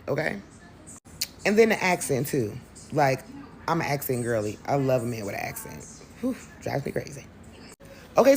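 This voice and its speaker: A vlogger with a low-pitched voice tells a storytime video, chatty and emphatic, speaking directly to her viewers. There's slight background noise.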